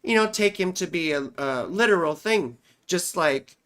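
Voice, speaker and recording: A woman's voice: on the low side, expressive, moderate pace, a bit bright. A woman astrologer hosting a live stream and lecturing in a rambling, conversational way, with casual slang and asides to her viewers.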